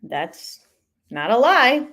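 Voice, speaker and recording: Speaking very slowly in a slightly bright, higher voice with big pitch swings, a woman hosts a live commentary stream. She's conversational and opinionated, reading viewers' comments aloud as she goes.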